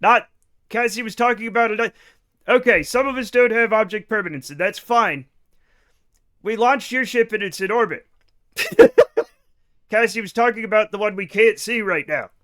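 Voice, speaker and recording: Man, game streamer, animated and joking, casual swearing, high voice, bright tone. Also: a little fast. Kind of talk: live gameplay stream chat.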